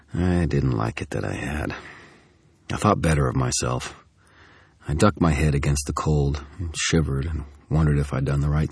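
Very deep, husky male narrator. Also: darkish tone, no echo. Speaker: audiobook narrator. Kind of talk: first-person audiobook narration.

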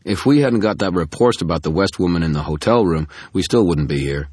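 A man's voice: sits low, lively intonation, fairly quick, husky, dry recording, clean studio sound. A man voicing a grumbling stubborn cop. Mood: resentful. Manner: loud and complaining. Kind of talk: audiobook narration.

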